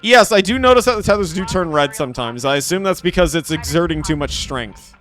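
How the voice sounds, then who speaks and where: A young man streaming a game live, chatting to his viewers in an excitable, playful way. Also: fairly high pitch, brisk, faint music behind. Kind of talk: live game commentary with chat.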